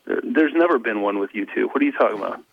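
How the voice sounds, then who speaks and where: A man with a lowish voice calls in to a casual chat show. He talks in a halting way, full of fillers and restarts. The line is muffled and lo-fi, and the sound is dry and close. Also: lively intonation, vocal fry, no room sound. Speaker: caller.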